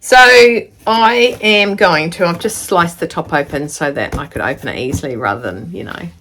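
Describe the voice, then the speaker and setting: A woman's voice: fairly low pitch, a bit bright, a little hiss or hum. A woman from New Zealand chatting casually while unboxing a parcel in a sewing vlog, rambling and easily delighted. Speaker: sewing vlogger.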